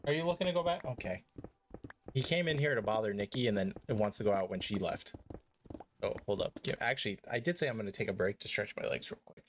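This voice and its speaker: A man's voice: lowish voice, fast talker, a little hiss or hum. Give me a young guy live-streaming a game, loose and jokey. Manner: joking, rambling, swears casually. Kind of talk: casual live-stream chat.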